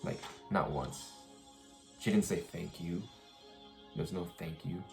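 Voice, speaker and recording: A man's voice: sits low, measured pace, gravelly, darkish tone, faint music behind. A young man telling a rambling, frustrated story about work in a casual vlog, with many restarts and some swearing. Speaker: vlogger.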